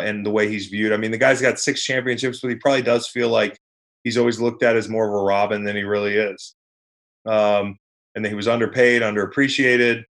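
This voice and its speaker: Lowish-voiced guy doing casual sports pod chat, rambly and wry. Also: fairly bright tone. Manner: conversational, rambling, wry asides. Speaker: podcast host. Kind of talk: casual sports podcast commentary.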